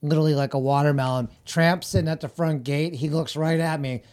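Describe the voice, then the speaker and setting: A middle-aged man talks casually as a guest, spinning rambling stories full of laughter and acted-out voices of other people. His voice sits on the high side with a darkish tone, and he speaks fairly quickly with fairly even intonation.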